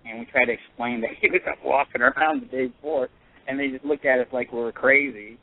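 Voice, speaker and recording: A man calling in to a radio show, telling a personal story in an earnest, halting way with many pauses and restarts. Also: mid-range voice, fairly even intonation. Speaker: caller. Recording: tinny phone line.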